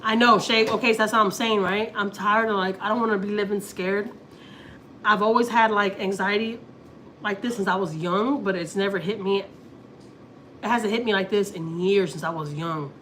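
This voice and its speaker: A woman's voice: medium pitch, steady tone, moderate pace, a bit bright, a little hiss or hum. A woman from Houston in her thirties, chatting casually on a family livestream and rambling through a personal story as she acts out what people said. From Houston, Texas.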